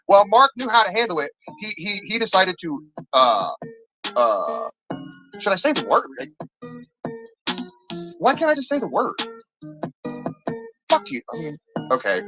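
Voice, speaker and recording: A man hosting a live stream, ranting in a rambling, profane, animated way. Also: high voice, poor audio. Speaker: stream host. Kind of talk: casual live-stream rant.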